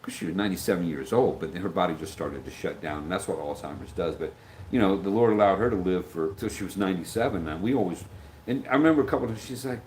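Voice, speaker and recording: A middle-aged man with a very low voice, talking loosely on a livestream and answering viewer comments. He wanders off track, backs up, and acts out the people he quotes. A faint hum of noise sits behind him. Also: quick pace, a little mellow, poor audio. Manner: rambling, loses his train of thought, acts out quoted voices. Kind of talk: casual livestream chat.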